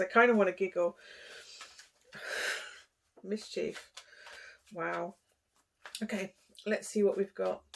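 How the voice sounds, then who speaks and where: Chatty giggly woman reading tarot. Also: medium pitch. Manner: chatty, giggly, rambling with fillers. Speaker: tarot reader.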